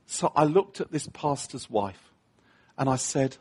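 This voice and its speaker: A man's voice: medium pitch, expressive, measured pace, husky. A middle-aged man preaching a humorous sermon, telling a story against himself, laughing often and acting out the voices of the people in it.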